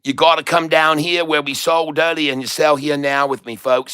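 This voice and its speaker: A middle-aged or older man hosts his own channel with live trading commentary, his fairly high voice level, sharp, clear and resonant at a moderate pace. He repeats himself in a hype style, urging viewers to buy and sell, and sometimes slips into a playful foreign accent as a joke to mix things up.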